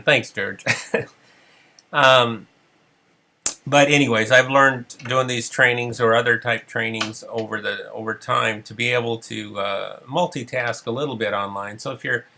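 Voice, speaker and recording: A man's voice: mid-range voice, gravelly, bright, forceful tone. A middle-aged man who is losing his voice, talking in a chatty, rambling way with many fillers as he leads an online training session. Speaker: counseling supervision trainer. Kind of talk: casual online training webinar.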